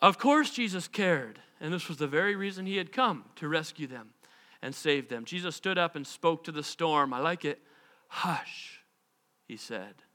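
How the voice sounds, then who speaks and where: A man's voice: a little high, pushed and bright. A man in his thirties preaching a sermon, a pastor who acts out the voices of the people in his stories.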